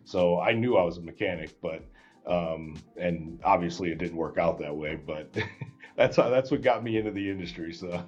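A man guest on a podcast, telling a story in a casual, animated way and acting out the dialogue with many restarts. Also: low voice, moderate pace, highs cut off, soft background music.

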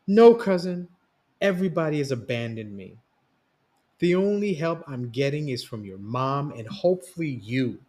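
A man reading a story voices a young woman, a stressed bride pleading with her cousin in a raised, quick voice. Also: animated, darkish tone, lightly acted. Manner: high, pleading and fast.

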